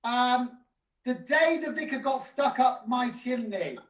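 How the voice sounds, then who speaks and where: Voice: medium pitch, lively intonation, unhurried. Upbeat drama leader on a video call, cheering people on, medium voice. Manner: upbeat, praising, loosely improvised hosting. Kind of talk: hosting an online drama session.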